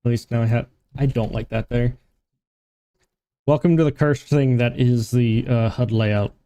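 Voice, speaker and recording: A man's voice: mid-range voice, fairly even intonation, a little slow, mellow. A man streaming a game live, chatting casually, joking, swearing and laughing at himself.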